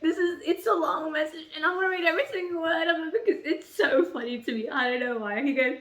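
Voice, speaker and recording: A young woman chatting in a casual reading vlog, excitable, rambling and swearing freely as she rants about characters. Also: high-pitched, fast talker, hardly any pauses. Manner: rambling, restarts often. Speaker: book vlogger.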